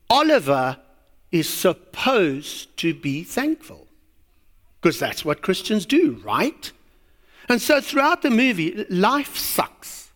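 A man's voice: on the high side, fairly bright tone. A man preaching a sermon, telling a story with a lot of animation and asking rhetorical questions.

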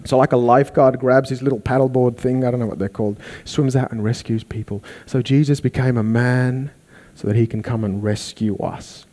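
A man preaching a sermon, animated, acting out the people he quotes. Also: mid-range voice, fairly quick. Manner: animated, acts out quoted voices.

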